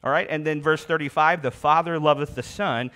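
Slightly high-voiced male pastor preaching. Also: steady tone, a little fast, bright, forceful tone. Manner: reads scripture aloud, then explains it with emphatic repetition. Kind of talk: sermon.

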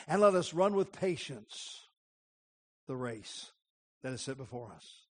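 Middle-aged guy preaching, slightly high voice, takes his time, leans hard on repeated lines. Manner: deliberate, emphatic preaching with repeated phrases. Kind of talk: sermon.

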